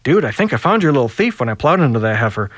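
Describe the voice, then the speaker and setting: A man's voice: medium pitch, sing-song, fast, dry recording. A man voicing a brash, mouthy young buddy in a story reading. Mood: urgent.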